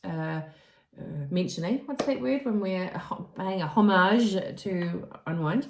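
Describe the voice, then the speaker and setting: A woman's voice: mid-range voice, a little slow, roomy sound, a little hiss or hum. A woman co-hosting a crafting podcast in casual chat, giggly and a little hesitant. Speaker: podcast co-host.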